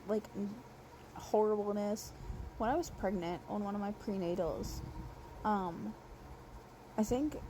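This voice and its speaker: A woman's voice: medium pitch, warm tone, a little hiss or hum, low-quality recording. A young woman telling a rideshare story in a casual, exasperated rant, full of swearing and run-on sentences.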